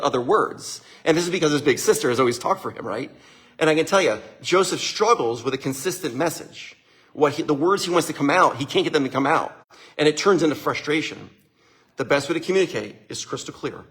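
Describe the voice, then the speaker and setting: A man giving an energetic, conversational motivational talk to live viewers, often checking in with listeners and acting out the people he quotes. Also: a little high. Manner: acts out quoted voices. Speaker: motivational speaker.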